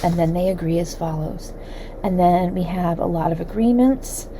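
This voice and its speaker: A woman's voice: on the low side, normal speed, mellow, a little hiss or hum, low-quality recording. A woman hosting a solo commentary show, reading documents aloud and adding chatty, sarcastic asides. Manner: chatty and sarcastic, with frequent fillers. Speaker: host.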